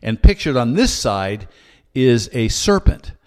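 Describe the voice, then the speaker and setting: A man hosts a commentary podcast, speaking at a mid-range pitch. His delivery is earnest and measured, with a steady, scripted flow. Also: clear, resonant tone. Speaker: podcast host.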